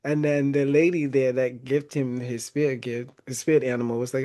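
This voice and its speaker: A man hosts a relaxed podcast chat and walks through a film's story with lively energy. He laughs often and slips into the characters' lines as he goes. His voice sits in an ordinary middle range for a man. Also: medium pitch, normal speed, hardly any pauses. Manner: animated, laughs often, acts out quotes. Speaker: podcast host. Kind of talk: casual chat retelling a movie.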